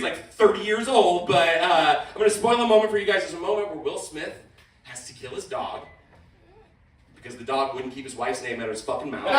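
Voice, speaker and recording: A young man doing a stand-up set, rambling and interrupting himself, swinging from mumbles to shouts. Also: sits high, echoey room, distant mic, low-quality recording. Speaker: stand-up comedian. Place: comedy venue with live audience.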